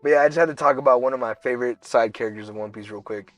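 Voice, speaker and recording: Animated young man telling a story. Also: medium pitch, rapid-fire, faint music behind. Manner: animated storytelling, slangy, acts out characters in bursts. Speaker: podcast co-host. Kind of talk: casual chat.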